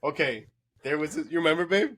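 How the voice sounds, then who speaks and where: A man hosting a casual late-night podcast, telling an animated story with lots of swearing and laughter. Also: on the high side, fast. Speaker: podcast host.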